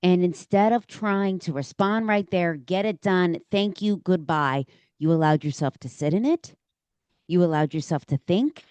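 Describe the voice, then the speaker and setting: Low-voiced encouraging podcast hostess. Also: female voice, moderate pace, clear, resonant tone, no room sound. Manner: warm, encouraging, calls guest "girl". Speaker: podcast host. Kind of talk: casual conversational interview.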